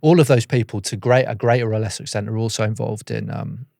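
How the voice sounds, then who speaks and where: A low, gravelly man talks quickly as a podcast guest, animated and storytelling. The sound is dry and close, with no room around him. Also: dry recording. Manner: animated storytelling, acting out quoted voices. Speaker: guest, former soldier and journalist. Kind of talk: conversational podcast interview.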